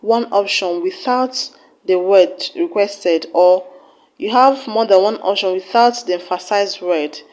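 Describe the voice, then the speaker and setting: A woman's voice: medium pitch, darkish tone. A woman teaching an online exam-prep English lesson, patiently explaining each step and repeating example sentences. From Nigeria.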